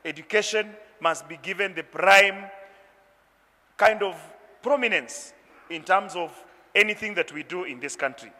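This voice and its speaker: Impassioned man with a high voice. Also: measured pace, pushed and bright, in a large hall. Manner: impassioned, emphatic. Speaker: speaker at an education meeting. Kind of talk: formal public speech.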